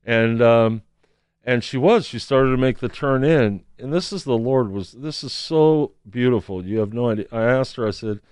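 Smooth-voiced man telling a story. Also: medium pitch, moderate pace, no echo, studio quality. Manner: animated storyteller acting out quotes. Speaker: street counselor. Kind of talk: storytelling testimony.

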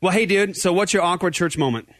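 An energetic male host whose voice sits a little high, talking over himself with quick restarts. The sound is dry and close. He keeps things loose and jokey with his callers. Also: no echo. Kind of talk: casual live show chat.

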